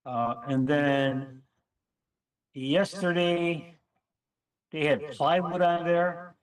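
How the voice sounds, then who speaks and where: A man casually telling a story on a chat panel, animated and acting out what people said. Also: fairly high pitch, drawn-out words, recorded from a distance, poor audio. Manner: animated storyteller, acts out quotes.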